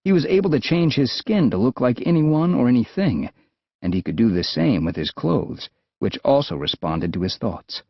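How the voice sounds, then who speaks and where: A man with an American accent narrating an adventure audiobook in a lively, expressive way. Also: mid-range voice, moderate pace, no echo. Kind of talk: scripted narration. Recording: dull, dry studio sound.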